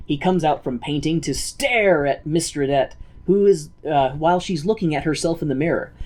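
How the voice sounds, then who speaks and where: A man's voice: a little high, normal speed, darkish tone. A man co-hosting a podcast, recapping a musical in casual, joking, profane chat and slipping into mocking put-on voices. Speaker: podcast co-host.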